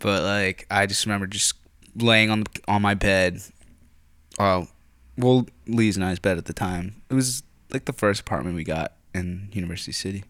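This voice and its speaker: Young Philly guy, lowish voice, dry close sound, swears and rambles through a casual story. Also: normal speed, fairly bright tone, no room sound. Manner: rambling, profane, filler-heavy, frequent throat clearing.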